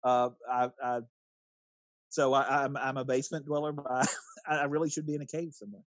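A man's voice: medium pitch, little pitch movement, a little fast, dry recording. A man, co-host on a podcast, stammering and joking as he chats. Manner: stammering, joking, laughs often. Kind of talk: casual chat.

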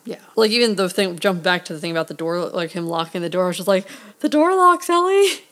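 A woman's voice: on the low side, fairly even intonation, quick pace. A woman co-hosting a casual movie review chat, rambling and playful, now and then doing silly voices for jokes. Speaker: podcast co-host reviewing a movie.

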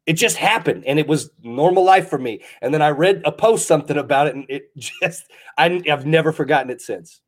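A man's voice: on the high side, brisk. A man co-hosting a casual podcast, rambling and laughing between his points. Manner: laughs often while talking, rambling. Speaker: podcast co-host. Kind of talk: casual banter.

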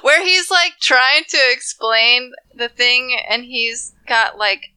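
A woman's voice: on the high side, expressive, slow pace, sharp tone, smooth. A woman co-hosting a podcast in casual chat, giggly and chatty as she tells stories. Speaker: podcast co-host.

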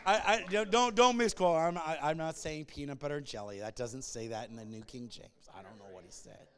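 A male pastor preaching to a congregation, emphatic and animated, swinging between loud shouts and hushed, near-whispered passages. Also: mid-range voice, a little fast. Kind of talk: sermon. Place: church before a congregation.

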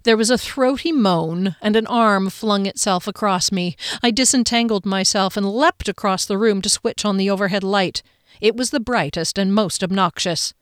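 A woman's voice: mid-range voice, normal speed, dry recording, clean studio sound. A woman reading a first-person audiobook in a conversational, wry storytelling manner. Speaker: audiobook narrator.

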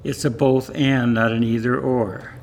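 A man as pastor giving a sermon in calm, gentle short phrases. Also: mid-range voice, unhurried, slight background noise.

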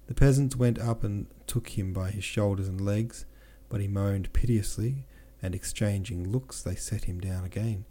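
A man reading a classic novel aloud as a podcast narrator, steady, with small slips he corrects himself. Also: fairly low pitch, normal speed, few pauses. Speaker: audiobook narrator and podcast host.

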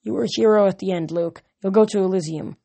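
A woman voicing a tearful young woman softly while reading a novel aloud. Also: medium pitch, quick pace, gravelly. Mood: tender. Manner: soft, trembling.

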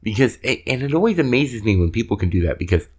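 A man's voice: mid-range voice, big pitch swings, fast talker, darkish tone, slight background noise. A man co-hosting a podcast in casual, rambling chat that often trails off mid-sentence. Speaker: podcast co-host.

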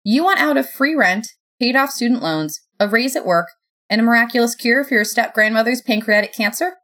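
Woman reading a harried middle-aged God, high, bossy and businesslike, in a storybook reading. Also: brisk, fairly bright tone, close to an everyday voice. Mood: brisk bossy. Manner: curt, businesslike, commanding.

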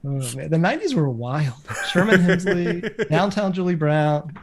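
A podcast host asking a guest questions in a relaxed conversational way. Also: medium pitch, normal speed, crowd noise. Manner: chatty, asks rambling questions. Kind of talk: casual interview.

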